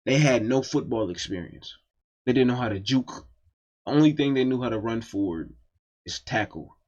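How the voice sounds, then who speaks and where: A man's voice: mid-range voice, expressive, normal speed, a little mellow. Profane man telling a story, lo-fi. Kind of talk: casual storytime monologue.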